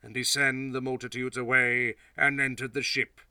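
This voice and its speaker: A man reading scripture aloud as scripted narration, in a steady, formal way. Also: mid-range voice, normal speed, clean tone, dry recording, far from the mic. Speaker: scripture reader.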